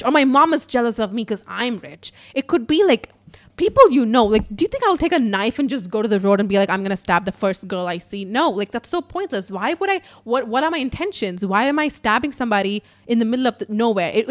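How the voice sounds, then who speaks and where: A woman hosting a podcast, telling a story in a casual, profane, chatty way with lots of fillers, going from loud to hushed. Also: a little high. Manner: animated, swinging between loud and hushed. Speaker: podcast host.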